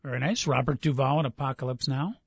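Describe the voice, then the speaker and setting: This sports talk radio host talks fast in a mid-range voice that's creaky with a breathy edge. He cheerfully quizzes his co-host on film lines, reading them out loud and laughing readily. The studio sound is dull and dry, without echo.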